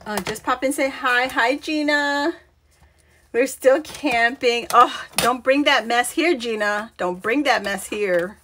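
A woman's voice: a little high, a little slow, hardly any pauses, bright, forceful tone, a little hiss or hum. A woman hosting a live craft stream, chatting casually, laughing often and greeting viewers by name. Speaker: crafting channel host.

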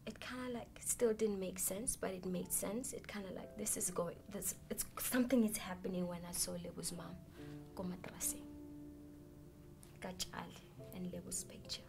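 A South African woman in her thirties, quietly recalling personal memories in a soft, hushed voice as an interview guest. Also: on the low side, moderate pace, gravelly. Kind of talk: personal recollection. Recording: music playing underneath. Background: music.

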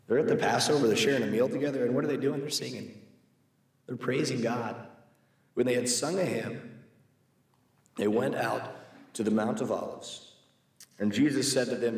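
A man's voice: medium pitch, darkish tone. A man leads a church Bible class, reading scripture aloud and turning often to ask the group questions. His voice sits in the middle range. The room is very echoey and the mic is some way off, so the sound is distant and reverberant. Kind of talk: conversational Bible class teaching.

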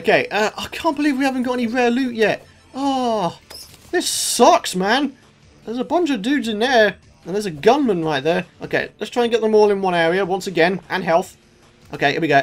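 A young man commentating his own gameplay, excitable and shouting at enemies as he fights. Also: sits high. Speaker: gaming YouTuber. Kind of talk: let's play commentary.

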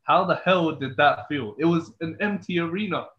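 Male podcast host, fairly high voice, muffled roomy sound, loose chatty questions. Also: moderate pace. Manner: loose, repeats "bro" and "yeah" as tag questions. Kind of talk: casual interview chat. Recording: echoey, muffled lo-fi audio.

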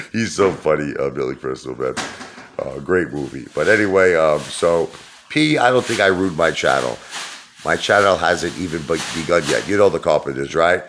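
Middle-aged guy, super deep voice, just rambling and cracking jokes about himself on his channel. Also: animated, moderate pace, a bit bright, a little hiss or hum. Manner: joking, self-mocking storyteller. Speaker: YouTube host. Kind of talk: casual rambling vlog talk.

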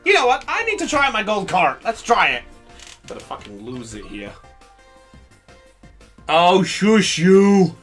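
An excitable man commentates his own gameplay on a live stream, his high, bright voice swooping up and down as he reacts. He laughs often and calls out to his viewers between moments of play. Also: measured pace, long pauses, faint music behind. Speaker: game streamer.

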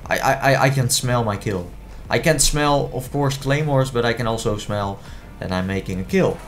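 Playful man commentating gameplay. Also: lowish voice. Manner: playful, easily exasperated, stammering repeats. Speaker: gaming commentator.

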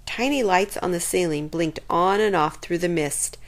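Expressive woman reading a kids' book. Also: on the low side, moderate pace. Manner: expressive, lively. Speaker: storyteller. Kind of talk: children's book read-aloud.

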